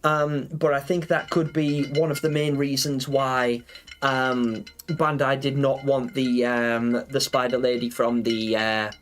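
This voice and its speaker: A man's voice: medium pitch, level tone, measured pace. Rambling man chatting on a livestream. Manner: rambling, lots of fillers and restarts; chatty, answers viewers. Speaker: gaming livestreamer. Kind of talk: casual live-stream chat.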